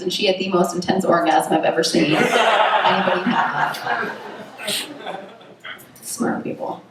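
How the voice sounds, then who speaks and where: A woman's voice: fairly low pitch, measured pace, pauses often. A young woman performing a stand-up comedy set, chatty and self-mocking, full of "like" and "you know what I mean". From United States. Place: comedy club stage at a festival. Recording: very echoey distant room recording with noise. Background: audience laughter.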